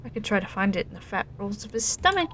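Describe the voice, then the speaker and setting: A woman's voice: medium pitch, very animated, fast, a bit bright, a little hiss or hum. A woman voicing a sly, bloodthirsty female spirit servant in whispered role-play.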